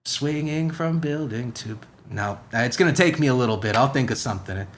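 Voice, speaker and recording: A brash, swearing young superhero rambles through a comedy podcast rant, as a man puts him on. The voice sits a touch high and leaps around with lively swings, firing one rhetorical question after another in a shaky put-on accent that keeps drifting. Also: normal speed, slight background noise. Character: brash profane young male superhero, ranting.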